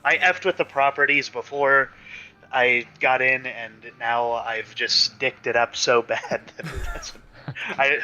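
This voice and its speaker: A man's voice: mid-range voice, fairly even intonation, a little slow, bright, forceful tone, lo-fi sound. A man playing a tabletop game, chatting casually in a laid-back, apologetic way. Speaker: player. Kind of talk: casual chat.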